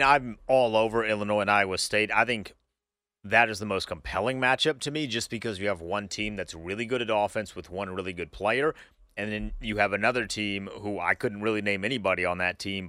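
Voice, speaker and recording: A man's voice: lowish voice, pushed and bright, no room sound, studio quality. A man co-hosting a casual sports chat, eager and opinionated. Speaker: co-host.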